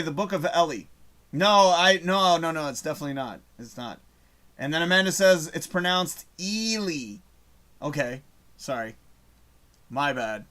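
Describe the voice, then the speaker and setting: A man's voice: a little high, fairly bright tone. A man hosting a live show, reading out chat messages in a casual, rambling way, swearing often and losing his train of thought.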